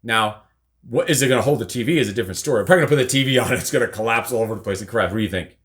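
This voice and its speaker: A man's voice: lowish voice, expressive, racing, fairly bright tone. A middle-aged man hosting a casual live show, rambling and teasing, with casual swearing. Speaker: podcast host. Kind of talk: casual live-stream chat.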